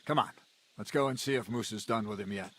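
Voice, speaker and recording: In video game dialogue, a male actor plays an earnest commoner leader who argues hard that his friend is innocent. He sounds pleading and animated, with a lowish, slightly rough voice, and he talks fast.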